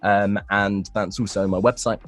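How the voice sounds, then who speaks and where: A man's voice: fairly low pitch, fairly even intonation, normal speed, a bit bright, soft background music. A young man, a voice actor, answering interview questions casually, rambling with fillers and restarts. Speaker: voice actor guest.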